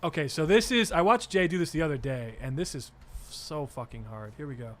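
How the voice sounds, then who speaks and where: A man's voice: on the high side, brisk, fairly bright tone. A young man streaming a video game, chatting casually with crude jokes and reading chat aloud.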